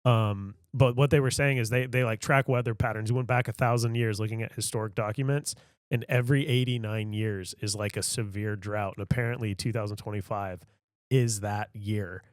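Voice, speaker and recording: A man's voice: on the low side, steady tone, fairly quick, no echo. A man co-hosting a comedy podcast, rambling through long casual stories. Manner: rambling, tells stories in long run-on sentences. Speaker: podcast co-host. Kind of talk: casual chat.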